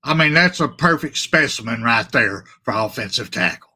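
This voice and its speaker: A man's voice: medium pitch, normal speed, slightly rough. A man hosting a casual sports talk stream, reading viewer comments aloud, repeating himself and apologizing as he goes. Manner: animated and repetitive, trailing off and apologizing. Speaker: sports talk show host.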